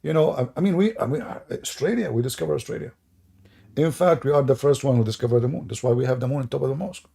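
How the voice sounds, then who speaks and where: Mocking man with a gravelly voice. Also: medium pitch, quick pace, dark tone. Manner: sarcastic, mocking, rhetorical questions, chuckles. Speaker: online religious debate host. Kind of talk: mocking livestream commentary.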